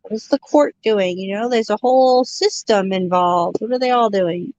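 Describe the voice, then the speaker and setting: A woman guest and parent in a casual chat, speaking earnestly and haltingly, with many questions. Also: mid-range voice, a little mellow, no room sound. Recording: dry, dull lo-fi sound.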